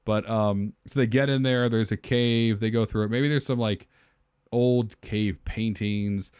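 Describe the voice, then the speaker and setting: Co-host type, a man with a low-leaning voice, animated storyteller, dry booth sound. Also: measured pace, smooth, dry recording. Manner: animated storyteller, acts out characters' lines. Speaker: podcast co-host. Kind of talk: casual brainstorming chat.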